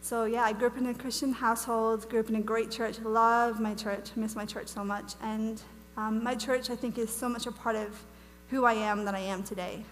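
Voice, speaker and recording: A woman's voice: a little high, level tone, moderate pace, faint music behind. A young woman from Wales who now speaks with an American accent, giving a bubbly, chatty testimony as a guest speaker at a church conference, full of fillers and restarts. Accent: American, lost her Welsh accent. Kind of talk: casual testimony talk at a conference. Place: church hall. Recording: reverberant hall, faint hum.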